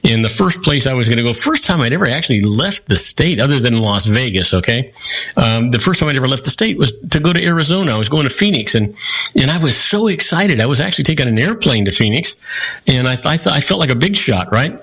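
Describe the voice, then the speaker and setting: A man's voice: mid-range voice, animated, fast, a bit bright, husky, rough recording. A man from California telling stories in a casual radio chat, with fillers and asides. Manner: storytelling, chatty, with fillers and asides.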